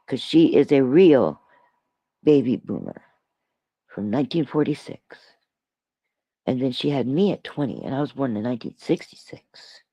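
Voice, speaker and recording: A woman's voice: a bass voice, no room sound, lo-fi sound. A woman in her sixties from Toronto, rambling in a casual solo livestream chat, reading comments aloud and laughing often. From Toronto, Canada. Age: 60s. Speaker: livestream host. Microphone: streaming mic.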